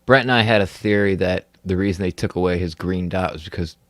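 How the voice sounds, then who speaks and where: A man with a lowish voice co-hosts a casual sports chat. He rambles through his points, padding them with fillers, and the recording is dry with no room sound. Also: quick pace, no room sound. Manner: rambling, heavy on fillers, laughs often. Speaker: podcast co-host.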